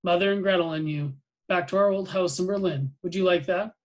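A man reading aloud as a grave, weary military commander who is a father, in a measured, questioning voice. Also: sits high, close to an everyday voice, rough recording.

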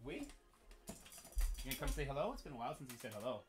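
A man's voice: mid-range voice, racing. A man streaming a game, chatting casually and playfully coaching his toddler to speak. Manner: playful, coaxing, teaching a toddler to talk. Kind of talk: casual livestream chat.

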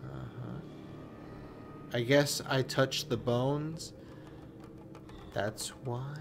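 A man giving excitable, joking let's play commentary on a game, swearing and talking back to the screen. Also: medium pitch, drawn-out words, vocal fry, noisy background. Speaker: gaming commentator. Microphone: new desk mic with webcam.

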